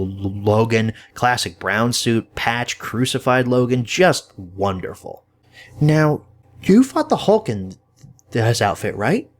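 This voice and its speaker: A young man giving an enthusiastic, profane spoken film review, with occasional stammers. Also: mid-range voice. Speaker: movie reviewer.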